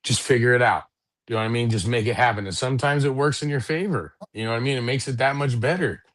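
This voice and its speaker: A man's voice: medium pitch, quick pace, no echo. A middle-aged man co-hosting a casual podcast, rambling and swearing freely, and often asking "you know what I mean". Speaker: podcast co-host. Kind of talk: casual chat.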